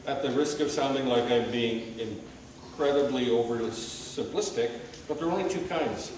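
Emphatic preacher in a very echoey hall. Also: male voice, moderate pace. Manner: emphatic, swings between loud rhetorical questions and low quiet asides. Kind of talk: sermon. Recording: very echoey hall, mic at a distance, faint hiss.

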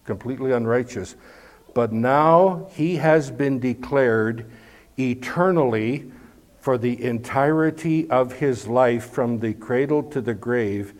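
A man preaching a sermon in an earnest, emphatic way, pausing often and repeating key words. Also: mid-range voice, a little mellow. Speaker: pastor.

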